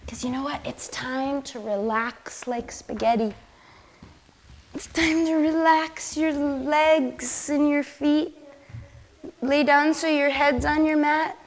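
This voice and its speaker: A woman leading a children's yoga class in a studio, gentle and encouraging. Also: high-pitched, steady tone, slow pace, slight background noise. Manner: gentle, encouraging, playful with animal sounds.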